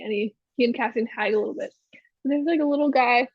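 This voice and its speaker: A woman's voice: on the high side, a little fast, slightly rough, dry recording, muffled recording. A woman co-hosting a podcast, recapping a TV episode in a rambling, chatty way full of fillers. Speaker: podcast co-host. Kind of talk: casual chat recapping a TV episode.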